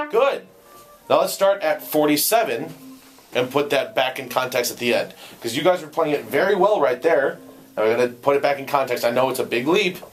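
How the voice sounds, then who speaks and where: Man coaching a trumpet section. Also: medium pitch. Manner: sings articulations to demonstrate, counts players in. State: voice going hoarse. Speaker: ensemble conductor. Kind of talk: rehearsal instruction. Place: band rehearsal room. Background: trumpets playing.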